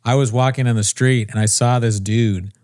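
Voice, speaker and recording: A young man hosts a casual comedy podcast, swearing freely and wandering between stories. His voice sits at an ordinary middle pitch. The sound is dry and close, with no room echo. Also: fairly even intonation, normal speed, a little mellow. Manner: crude, rambling, jokey. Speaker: podcast co-host.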